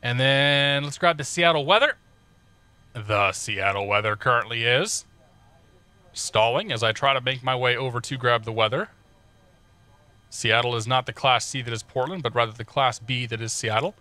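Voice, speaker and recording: A man's voice: mid-range voice, normal speed, pushed and bright, dry recording. A man casually talking through cockpit checklists on a live stream, joking and greeting chat viewers as he goes. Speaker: flight sim streamer.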